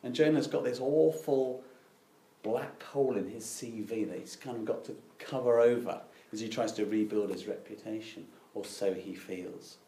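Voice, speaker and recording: A man's voice: fairly low pitch, moderate pace, warm tone, reverberant. A middle-aged man preaching a sermon, telling stories with dry, self-deprecating irony.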